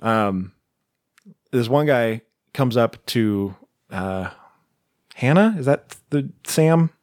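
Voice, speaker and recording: A man's voice: medium pitch, lively intonation, a little mellow, no room sound, studio quality. A man co-hosting a podcast, casually recapping a movie plot in a laid-back way. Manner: laid-back, retells scenes with quick put-on quotes. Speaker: podcast co-host. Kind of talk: casual movie review chat.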